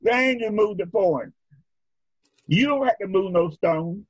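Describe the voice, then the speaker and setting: Male preacher, high-pitched voice, husky, rhythmic call-and-response sermon, dull lo-fi sound. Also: expressive, no echo. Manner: rhythmic, drawn-out phrasing, leads the congregation in repeating lines. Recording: dull lo-fi recording. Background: congregation responding.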